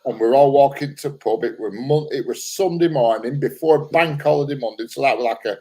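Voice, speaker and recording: A man's voice: medium pitch, brisk, dark tone, breathy edge, rough recording. A man, a guest, telling a story in a dry, plain-spoken way. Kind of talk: casual chat.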